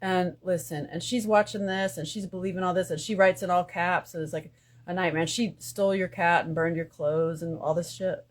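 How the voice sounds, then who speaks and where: A woman hosting a casual spiritual live stream from her phone. She jumps between loud bursts and hushed asides and swears freely. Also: fairly low pitch, steady tone, brisk.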